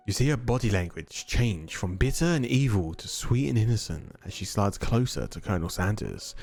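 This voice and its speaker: A man streaming a game, reading its narration aloud with a very lively, swooping pitch. He breaks off for casual, cursing asides, and game music plays faintly beneath him. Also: moderate pace, vocal fry, hardly any pauses. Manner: animated, casually profane asides.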